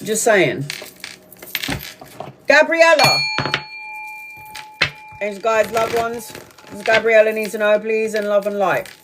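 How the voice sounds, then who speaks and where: A woman's voice: medium pitch, slow pace, pauses often, background noise. A woman tarot reader hosting a live stream, chatting casually, telling a story bluntly with lots of swearing and frequent laughter. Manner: profane, blunt, animated storyteller; laughs often while talking.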